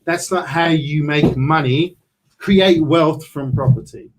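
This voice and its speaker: A man's voice: a little high, slow pace, noisy background. A man mentoring a group on property deals, brash and salesy, swearing casually as he talks.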